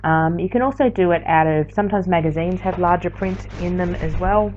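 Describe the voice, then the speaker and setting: A woman's voice: fairly low pitch, fairly quick, darkish tone, faint music behind. A tired woman, chatting casually through a late-night craft tutorial voiceover, rambling and correcting herself as she goes. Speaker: art journaling teacher. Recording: slightly dull lo-fi sound.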